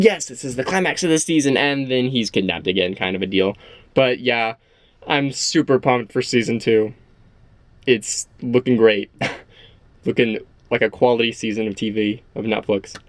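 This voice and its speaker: A young man talking excitedly and rambling about a show he loves, repeating how good it is. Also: mid-range voice, dry recording. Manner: gushing, rambling, repeats himself. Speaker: show reviewer. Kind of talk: excited casual episode discussion.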